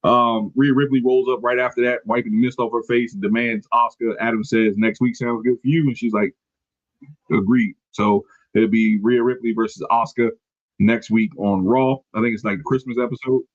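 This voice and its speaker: A man's voice: medium pitch, steady tone, fairly quick, dry recording. Guy recapping stuff on a podcast, keeps backtracking and fixing himself, dry kinda muffled mic. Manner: rambling, self-correcting, reading from notes. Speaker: podcast host. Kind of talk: casual wrestling recap chat.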